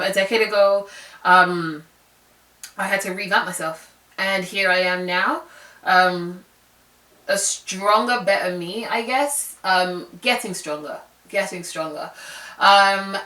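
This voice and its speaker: A woman's voice: mid-range voice, sharp tone, far from the mic. A young woman telling a candid, rambling personal story in a reflective vlog. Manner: candid, rambling, many fillers. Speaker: vlogger. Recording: roomy, away from the mic.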